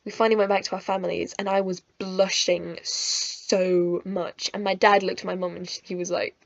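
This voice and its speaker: A woman's voice: fairly low pitch, little pitch movement, moderate pace, gravelly, no room sound. A young woman telling a personal storytime vlog in a chatty, emotional, giggly way, in a slightly muffled recording. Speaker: vlogger.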